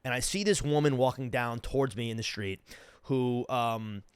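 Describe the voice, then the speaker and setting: A young man hosting a podcast, telling a travel story in a casual, animated, profane way and acting out the people in it. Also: medium pitch, normal speed, smooth, no room sound, clean studio sound. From United States. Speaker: podcast host.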